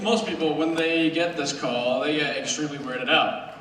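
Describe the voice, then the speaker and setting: A man's voice: a little high, steady tone, moderate pace, a loud crowd, very noisy. Teen boy doing stand-up in an echoey hall. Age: teens. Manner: casual, rambling, self-mocking, with brief put-on voices. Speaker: student stand-up comedian. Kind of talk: stand-up comedy set. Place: school auditorium stage. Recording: very echoey hall recorded from far off.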